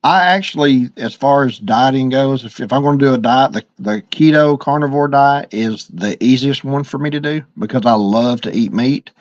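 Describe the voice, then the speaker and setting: A man's voice: mid-range voice, moderate pace, few pauses, dry recording. A middle-aged man with an Alabama accent, co-hosting a livestream and telling stories in an easygoing way, often repeating words. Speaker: livestream co-host. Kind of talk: casual chat. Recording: dry, lo-fi livestream audio.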